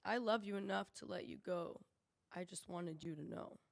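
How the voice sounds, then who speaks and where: A woman reading a rhymed spoken word poem on a poetry cafe stage, earnest and measured. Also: on the low side, vocal fry. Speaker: open mic poet.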